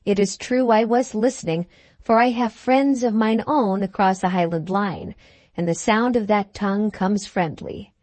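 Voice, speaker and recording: A woman's voice: mid-range voice, normal speed, darkish tone, no room sound, natural voice. A woman reading an audiobook speaks the lines of a shy but proud young country lad in an earnest, formal manner.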